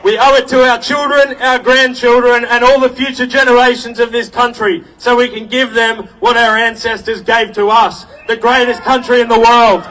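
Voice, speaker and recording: Male emcee, forceful and rousing, heard from a distance at an open-air rally. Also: extremely high pitch, little pitch movement, moderate pace, hardly any pauses. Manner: forceful, rousing, shouting at times. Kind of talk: outdoor rally speech. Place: outdoor park rally.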